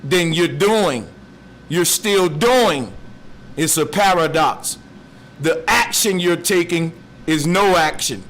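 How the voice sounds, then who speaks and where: A man giving a slow, musing philosophical monologue in streetwise slang. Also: fairly high pitch, fairly bright tone. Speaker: speaker.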